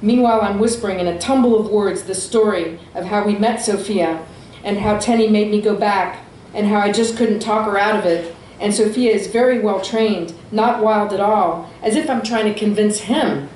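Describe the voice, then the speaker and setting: A woman reading her own fiction aloud at a small venue, with steady, expressive storytelling. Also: medium pitch, normal speed, echoey room, a little hiss or hum, rough recording. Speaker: author.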